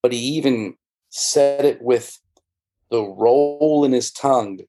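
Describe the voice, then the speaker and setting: A former church member, appearing as an interview guest, recounts his experiences in candid, rambling storytelling, full of fillers and restarts. His voice is mid-range with a dark tone, and he takes it slowly.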